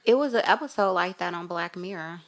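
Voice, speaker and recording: Woman podcast co-host, a touch low in pitch, talkative, explains things at length. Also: fairly quick. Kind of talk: casual chat.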